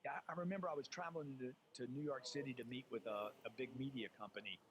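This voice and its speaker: A man speaking as a guest in an interview. He is emphatic and animated, acts out quoted voices, and calls the listener "dude.". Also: mid-range voice, quick pace, noisy background. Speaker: sales author and guest. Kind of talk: animated motivational interview talk.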